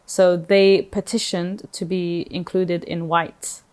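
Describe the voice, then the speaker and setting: A young woman co-hosting a podcast, who asks questions and explains things hesitantly with many pauses and uhs. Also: fairly low pitch, level tone, a little mellow. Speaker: podcast co-host. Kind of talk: casual chat.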